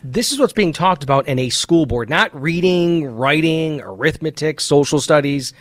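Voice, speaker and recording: A man's voice: on the high side, animated, normal speed, no echo. A man hosting a casual political talk show, speaking in an emphatic, opinionated way. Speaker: podcast host.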